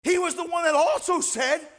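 Delivering a sermon as pastor, a man with a very high voice speaks at normal speed. He's impassioned, swinging between shouted lines and hushed, quiet passages.

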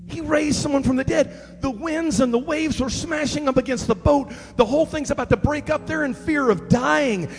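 A man preaching a comic sermon, telling stories in a chatty way that builds to shouting. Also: very high voice, normal speed, gravelly, few pauses, long reverb tail, faint music behind.

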